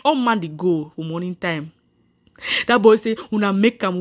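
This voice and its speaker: A woman's voice: mid-range voice, normal speed. A woman, telling viewers her own story earnestly, repeating herself and restarting lines. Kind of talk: personal story told to viewers.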